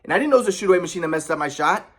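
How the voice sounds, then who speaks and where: Young man, aggrieved rambling monologue; fast, high, husky. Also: lively intonation, fairly bright tone. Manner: rambling, aggrieved, many restarts and repetitions. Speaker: vlogger. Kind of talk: personal storytelling monologue.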